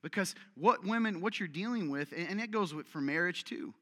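Energetic bright-voiced male preacher in a reverberant hall. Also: high-pitched, fairly quick. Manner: energetic and direct, full of rhetorical questions and self-deprecating humor. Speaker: pastor. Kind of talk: sermon.

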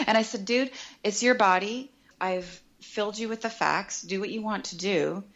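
A middle-aged woman talking as a podcast guest, chatty and animated, often acting out quoted remarks. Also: mid-range voice, unhurried, muffled recording. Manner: animated and chatty, quotes herself and others in lively voices. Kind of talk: casual podcast conversation.

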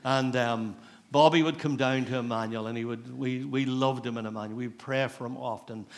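Northern Irish pastor telling stories. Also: male voice, medium pitch, steady tone, moderate pace. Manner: storytelling, conversational, repeats phrases for emphasis. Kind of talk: sermon. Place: church.

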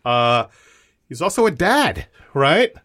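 Joking, chatty co-host. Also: male voice, a little high, big pitch swings, slow, fairly bright tone. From United States. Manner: jokey, enthusiastic, chatty. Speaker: podcast co-host. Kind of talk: casual chat.

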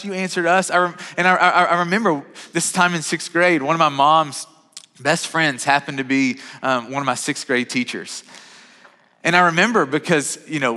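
Man, thirties, pastor, sermon, bright forceful voice, restarts and repeats words, echoing church hall. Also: fairly high pitch. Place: church sanctuary. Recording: reverberant hall.

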